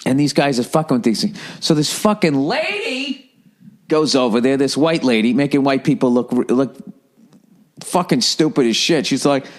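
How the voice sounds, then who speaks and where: A man telling a story in a profane, animated comedic rant as a podcast host. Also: normal speed. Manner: animated, profane, mimics people in high voices.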